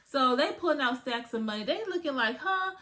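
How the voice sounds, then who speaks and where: A woman with a bright, ringing voice talks through a movie review in a loose, chatty way. She retells scenes with lively asides to her viewers, sitting a little higher in pitch than most women. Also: fairly quick. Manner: animated storytelling with asides to viewers. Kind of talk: casual spoken movie review.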